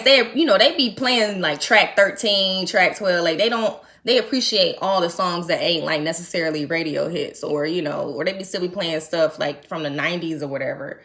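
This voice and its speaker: A young adult woman from the United States chatting casually to her viewers, telling a trip story in animated, slangy talk. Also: lowish voice, moderate pace. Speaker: vlogger. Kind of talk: casual chat to camera.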